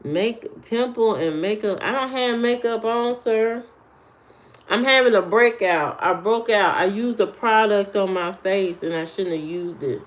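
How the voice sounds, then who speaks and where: Brief: woman streamer, sassy and unhurried, talks back at trolls in chat. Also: mid-range voice. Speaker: live streamer. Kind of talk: casual live-stream chat answering comments.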